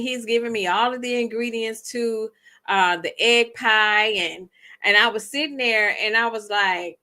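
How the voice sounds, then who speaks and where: A woman's voice: a little high, unhurried, bright, forceful tone. A woman chatting heartfelt and reflective on her vlog, with many ums. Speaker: vlogger. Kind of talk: casual chat.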